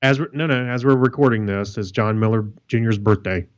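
A man's voice: fairly low pitch, a little fast, muffled recording, a little hiss or hum. A man co-hosting a podcast, chatting casually and making wisecracks. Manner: wisecracking, laughs often. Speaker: podcast co-host.

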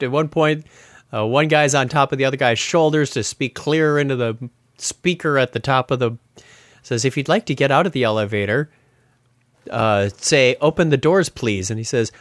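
A man's voice: mid-range voice, moderate pace, a bit bright, no room sound, studio quality. A man hosting a casual tech podcast, chatty and laughing as he retells funny stories. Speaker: podcast host.

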